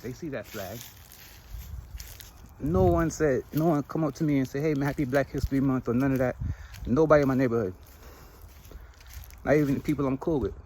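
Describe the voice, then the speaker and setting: A Trinidadian man hosting a podcast in a casual monologue, telling animated stories and laughing often. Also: mid-range voice, moderate pace, long pauses, a little hiss or hum, poor audio. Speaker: podcast host.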